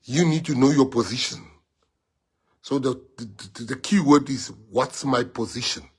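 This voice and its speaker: Brief: forceful South African party leader, husky mid-pitched man, repeats lines for emphasis. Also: moderate pace. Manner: emphatic, repeats phrases, mixes in Afrikaans. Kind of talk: rallying address to party members.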